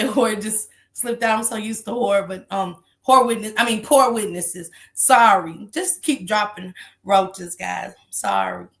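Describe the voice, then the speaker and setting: A woman hosts a casual commentary livestream, laughing and gossiping with profane energy. Her voice sits high and sounds bright and sharp. She rambles, apologizes, and keeps cracking herself up. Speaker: livestream host.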